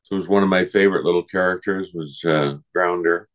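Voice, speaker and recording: A man's voice: sits low, steady tone, fairly quick, fairly bright tone. An older man, a guest voice actor, telling rambling anecdotes in a casual interview and acting out the people he quotes.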